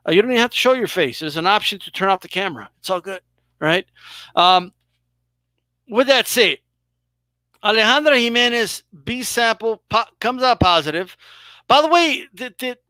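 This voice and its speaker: High and bright, with a forceful tone, this boxing show host's voice carries a casual, emphatic live stream full of free swearing and over-the-top mock reactions. The sound has no echo.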